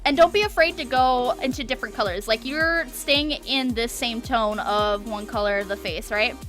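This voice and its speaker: A woman's voice: a little high, normal speed, fairly bright tone, soft background music. A woman streaming a live art critique, encouraging, often checking in with "okay?" and repeating words for emphasis.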